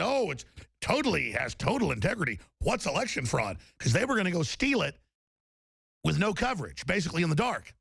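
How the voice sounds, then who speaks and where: Gravelly ranting talk radio man. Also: high-pitched, a bit bright, no echo. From Texas. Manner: ranting, emphatic, repetitive restarts. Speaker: radio talk show host. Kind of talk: political talk radio monologue.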